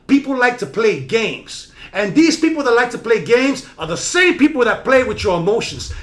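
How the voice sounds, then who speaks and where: A man hosts a live-streamed talk show, delivering an animated motivational monologue that moves between loud, emphatic bursts and low, quiet asides.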